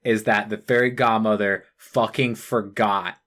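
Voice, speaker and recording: A podcast co-host in casual chat, ranting with a lot of swearing and halting restarts. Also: medium pitch, fairly even intonation, a bit bright.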